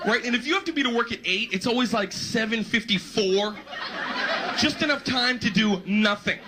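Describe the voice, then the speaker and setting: A man doing a stand-up routine, animated and jumping into squealing voices. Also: very high voice, normal speed. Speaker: stand-up comedian. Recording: noisy live stand-up recording.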